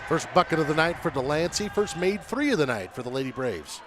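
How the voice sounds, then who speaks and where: A man giving relaxed color commentary on a basketball game, adding stats and asides. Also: fairly high pitch, brisk, noisy background.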